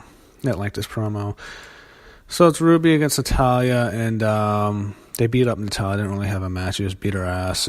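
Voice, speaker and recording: A young man giving a casual solo review of a wrestling show, blunt and profane, with many fillers and restarts. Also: lowish voice.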